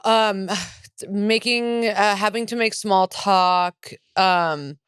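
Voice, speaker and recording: A woman's voice: mid-range voice, very slow, a bit bright, clear, resonant tone, no room sound, studio quality. A young adult woman co-hosting a comedy podcast, chatting casually and bluntly with casual swearing. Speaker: podcast co-host.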